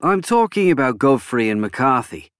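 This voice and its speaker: A man's voice: medium pitch, very animated, normal speed, a bit bright, clean tone, no echo, studio quality, pitched above the performer's own voice. A man voicing a scheming, rotund male prime minister who talks with intensity and insistence. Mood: insistent.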